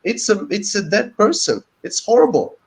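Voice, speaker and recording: A man with a slightly high voice argues in a heated online panel, halting and earnest. He keeps restarting his sentences and sounds defensive. His delivery stumbles, then pushes ahead with conviction. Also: animated, breathy edge, poor audio. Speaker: panel participant.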